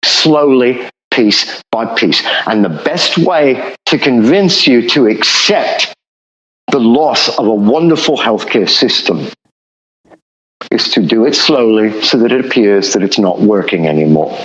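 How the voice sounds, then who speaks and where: Man, economist guest, emphatic, lecturing, lively swinging pitch, muffled lo-fi audio. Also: measured pace, reverberant, slight background noise. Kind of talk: passionate podcast explanation. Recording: dull lo-fi audio.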